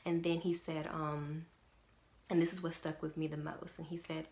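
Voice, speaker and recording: A woman's voice: low voice, level tone, moderate pace, creaky, darkish tone. A young woman talking casually to camera as a parent vlogger, earnest and emphatic. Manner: earnest, emphatic, repeats "definitely".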